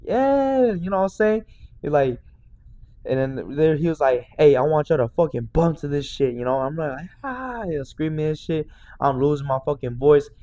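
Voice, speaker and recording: A man in his twenties, a podcast host, telling a story in excited, slangy casual chat full of fillers. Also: a little high, fairly quick. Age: 20s.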